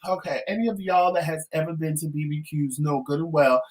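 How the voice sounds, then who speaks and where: A man's voice: on the high side, a little fast. A man, co-hosting a casual talk show and teasing his partner in a matter-of-fact way. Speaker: co-host.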